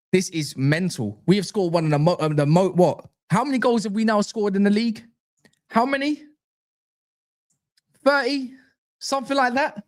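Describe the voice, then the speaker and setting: Animated, fuming man ranting. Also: high voice. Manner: animated, frustrated ranting with slang. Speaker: host. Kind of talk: football reaction rant.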